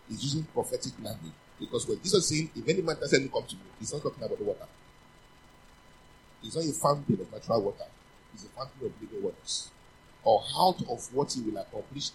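A man preaching a sermon, teaching from scripture, asking the congregation questions and repeating key phrases, building to louder, faster urging. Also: medium pitch, slight background noise, rough recording.

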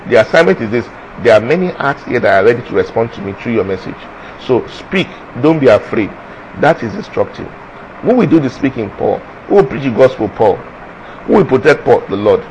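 A man's voice: mid-range voice, dull audio, a little hiss or hum. A man preaching a sermon with energy, firing off rhetorical questions and answering them himself. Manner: animated, asks the audience rhetorical questions.

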